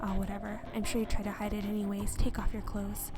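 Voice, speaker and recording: A woman voicing a possessive, menacing young man, reading a game character's lines aloud in a cold, quiet, controlling way. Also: mid-range voice, little pitch movement, fast talker, voice pushed down, close to an everyday voice.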